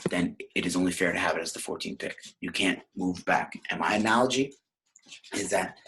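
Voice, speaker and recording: A man's voice: low-pitched, flat delivery, brisk, a bit bright, slight background noise. A man from New York hosting a podcast, ranting in a brash, profane, rambling way. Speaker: podcast host. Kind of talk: casual podcast rant.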